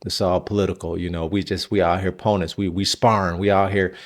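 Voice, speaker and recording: A man voicing a smooth-talking older male politician who placates his wife. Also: sits low, level tone, fast talker, voice pushed down, lightly acted. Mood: coaxing. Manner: coaxing, placating.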